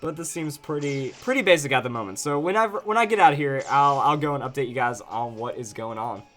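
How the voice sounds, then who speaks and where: A man's voice: medium pitch, lively intonation, quick pace, a bit bright, soft background music. A man giving casual, chatty, jokey commentary while playing a video game. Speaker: let's play host.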